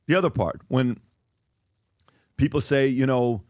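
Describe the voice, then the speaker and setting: A man's voice: mid-range voice, moderate pace, pauses often, a little mellow, dry recording, studio quality. Earnest man leading a panel discussion. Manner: earnest, questioning, thinks aloud. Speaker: podcast host.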